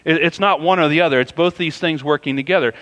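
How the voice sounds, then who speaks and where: A man's voice: fairly high pitch, fast talker, fairly bright tone, big-room sound. A man preaching a sermon in a conversational, storytelling way, often saying "you know" as he goes. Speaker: pastor.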